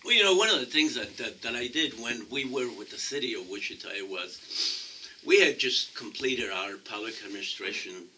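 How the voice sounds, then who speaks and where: A man with a non-native English accent answering interview questions as a political candidate, halting and restarting often. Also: medium pitch, animated, sharp tone, far from the mic, slight background noise, rough recording. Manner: halting, many restarts and fillers. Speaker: council candidate.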